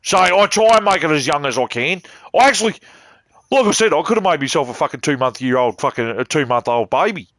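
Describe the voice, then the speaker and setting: A man's voice: a little high, expressive, quick pace, a bit bright, no room sound. A man giving casual, rambling gaming commentary, full of swearing and cheeky jabs.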